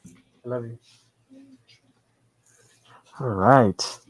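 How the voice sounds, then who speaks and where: A man's voice: medium pitch, very slow, no room sound. A man co-hosting a casual podcast, reacting with enthusiastic, profane praise. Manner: enthusiastic, swears a lot. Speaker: podcast co-host. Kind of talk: casual chat.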